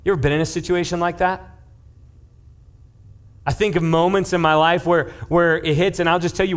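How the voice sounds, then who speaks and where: A young man giving a casual youth sermon as youth pastor. He jokes and keeps checking in with his listeners as he tells stories. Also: a little high. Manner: joking, conversational, checks in with the audience; lively storyteller.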